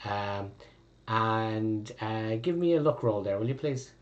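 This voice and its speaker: A man's voice: lowish voice, lively intonation, slow pace, highs cut off. A man with an Irish accent narrating as game master, rambling with fillers and the odd swear.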